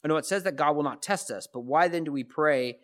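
A man's voice: on the high side, fast talker, a bit bright. A man preaching a sermon in a conversational way, often restarting phrases and asking rhetorical questions. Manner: conversational, repeats words and asks rhetorical questions. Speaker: pastor.

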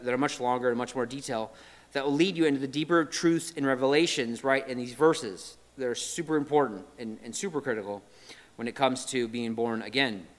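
A man preaching a sermon in a conversational way, often checking in with "right?" and paraphrasing scripture in lively everyday terms. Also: medium pitch. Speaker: pastor.

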